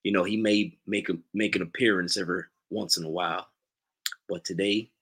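A man's voice: low voice, steady tone, fairly bright tone, husky, exaggerated voice. Man putting on a mournful Southern-drawl sports fan. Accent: put-on Southern US. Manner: mournful, drawn-out, theatrical. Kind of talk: comic bet-payment bit.

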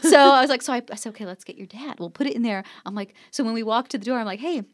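A woman in her forties telling stories in a casual chat as a podcast guest, animated and acting out quotes with frequent laughter. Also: fairly high pitch, very fast, no echo, studio quality. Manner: animated storyteller, acts out quotes, laughs often.

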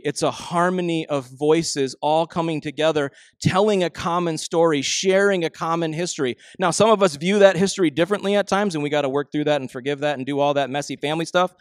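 Conversational pastor, bright tone. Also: male voice, fairly high pitch, no echo. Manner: conversational storytelling, animated impressions of family; slows and softens for emphasis. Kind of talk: sermon.

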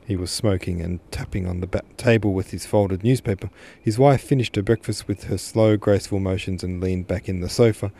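A man reading a classic novel aloud as a podcast host, steady and unhurried. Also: deep voice. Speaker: podcast host, literature reader. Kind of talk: audiobook narration.

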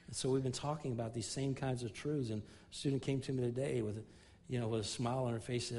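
A middle-aged man preaching a sermon at a medium pitch. He talks earnestly and restarts phrases as he builds toward a point. For stories he drops to a quieter, more intimate tone. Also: steady tone, fairly quick. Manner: earnest preaching, rising in emphasis and dropping low for anecdotes. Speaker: pastor.

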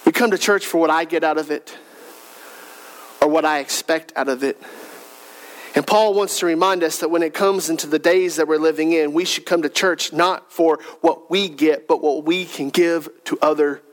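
A man's voice: fairly high pitch, steady tone, moderate pace, low-quality recording. A male pastor preaching a sermon in a conversational style, with rhetorical questions, humorous asides and repeated emphatic lists.

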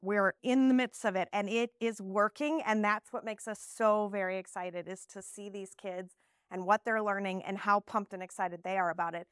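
A woman from Texas, an early childhood teacher giving an animated live conference presentation, slipping into playful classroom talk. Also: medium pitch, normal speed, clean tone, no room sound, clean studio sound.

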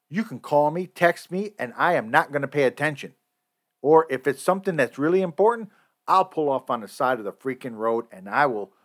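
A man's voice: medium pitch, a bit bright. A man hosting a podcast, delivering a heated, profane, repetitive rant. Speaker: podcast host. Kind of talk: angry solo podcast rant.

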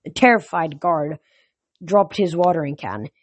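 A casual reader narrating a novel chapter at home with an even, mid-pitched voice. The recording is dry and close, with no room sound around it. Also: unhurried, dry recording. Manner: casual, hesitant with fillers when chatting. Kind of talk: reading a novel aloud, casual chat after.

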